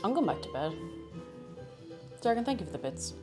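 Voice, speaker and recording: A woman's voice: mid-range voice, big pitch swings, a little fast, over music. A young Irish woman chatting casually on her livestream, bubbly and chatty as she greets viewers and reads their messages. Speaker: streamer.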